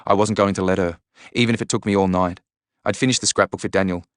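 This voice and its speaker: Low-voiced male audiobook narrator. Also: fairly even intonation, fast talker, no echo, clean studio sound. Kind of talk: first-person audiobook narration.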